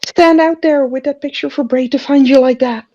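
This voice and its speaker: A woman's voice: sits high, fairly even intonation, normal speed, warm tone, a little hiss or hum. A woman co-hosting a fan podcast, asking incredulous questions in a casual chat. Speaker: podcast co-host. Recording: dull lo-fi sound.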